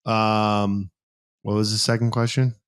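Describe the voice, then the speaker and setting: An American man with a fairly low, clean-toned voice co-hosts a casual podcast at a measured pace. He rambles through stories and explains gym equipment, full of fillers, animatedly acting out quotes as he goes.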